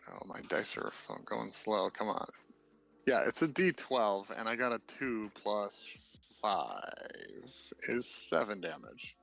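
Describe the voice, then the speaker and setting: A man's voice: fairly low pitch, very animated, slow pace, gravelly, a bit bright, faint music behind, rough recording. A man in a casual, joking way, playing his character in a tabletop game with friends. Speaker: player.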